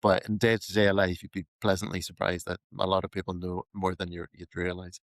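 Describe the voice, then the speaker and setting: A young Irish man hosting a casual podcast chat, laughing often and letting sentences trail off quietly. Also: low-pitched, little pitch movement, brisk, no room sound. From Ireland. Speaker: podcast host.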